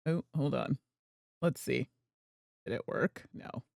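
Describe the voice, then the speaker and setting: A woman's voice: very deep voice, animated, slow, creaky, a little mellow, no room sound. A woman hosting a gameplay livestream, chatting in a rambling way and laughing easily. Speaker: host and streamer. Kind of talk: casual gameplay livestream chat.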